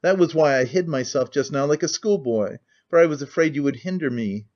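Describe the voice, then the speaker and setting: A man's voice: a little high, a little fast, darkish tone, natural voice. A man voicing a cynical, talkative middle-aged nobleman who rambles with languid candor, on a muffled lo-fi recording.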